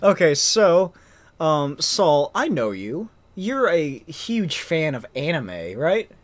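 A man's voice: fairly high pitch, big pitch swings, takes it slowly. A man hosting a let's play, giggling and teasing his friend in casual chat.

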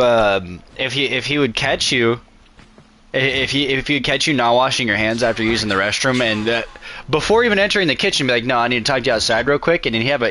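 A man's voice: medium pitch, bright, forceful tone. A young man chatting casually while gaming, slangy and laid back, saying bro and dude a lot. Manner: slangy, says bro and dude often, laughs.

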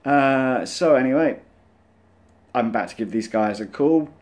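A man's voice: mid-range voice, a little slow, darkish tone. A man hosting a scam-baiting channel, chatting casually and rambling to his viewers, full of fillers. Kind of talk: casual vlog talk to camera.

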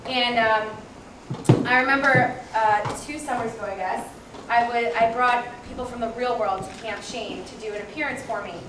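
Young woman, fairly high voice, candid and halting, heard from afar in a noisy hall. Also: steady tone. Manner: candid, hesitant with many ums. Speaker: motivational speaker. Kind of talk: personal story told to an audience. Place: large hall with audience. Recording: echoey hall from far off with noise.

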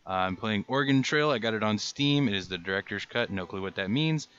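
A man's voice: lowish voice, lively intonation, a little fast, fairly bright tone, clean tone, lo-fi sound. A man host giving casual, rambling, self-mocking commentary while playing a game. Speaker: gaming channel host. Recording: faint game music behind. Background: game music.

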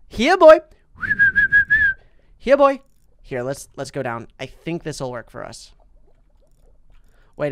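Man doing a chatty, excitable game host with a smooth, clean voice, swings high and loud when upset. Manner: chatty, excitable, talks to on-screen fish; big jumps in pitch and loudness when upset. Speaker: gaming channel host. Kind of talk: mobile game commentary.

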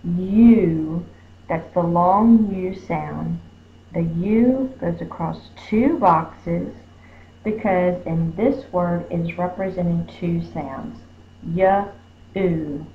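A woman with a lowish voice walks through a spelling lesson, sounding out each word syllable by syllable at a very unhurried pace. The recording is roomy and a little dull, with a faint hum behind her. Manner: sounds words out slowly, stretching syllables. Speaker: teacher. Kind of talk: slow phonics lesson.

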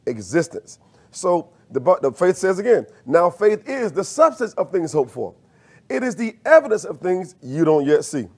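A man's voice: high-pitched, a little mellow. A man preaching a sermon as minister, using call-and-response and rising to emphatic peaks.

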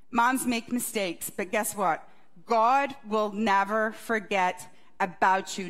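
A woman's voice: fairly high pitch, a bit bright. A woman pastor giving a conversational sermon, often asking the congregation questions. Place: church service.

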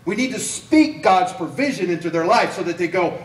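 A man preaching a sermon as an evangelist, telling stories with lively acted-out quotes. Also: high voice, fairly quick, hardly any pauses, reverberant, distant mic, low-quality recording. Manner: animated storytelling with acted-out quotes. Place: church sanctuary.

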